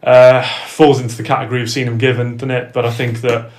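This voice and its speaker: A man co-hosting a casual football chat, chatty and quick to correct himself. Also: medium pitch, level tone, a little mellow. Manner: chatty, self-correcting, laughs easily. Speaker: podcast co-host. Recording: roomy echo.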